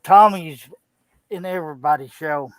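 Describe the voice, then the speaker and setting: A man's voice: on the high side, a little slow, clean tone, dry recording, low-quality recording. A man on a live-stream panel, joking around playfully with the host. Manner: wisecracking, playful.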